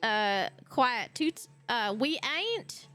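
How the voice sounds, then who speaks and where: A woman's voice: fairly high pitch, big pitch swings, extremely slow, pushed and bright, exaggerated voice. A woman reading aloud the lines of a teasing young female butcher from a cozy game, drawling them out playfully.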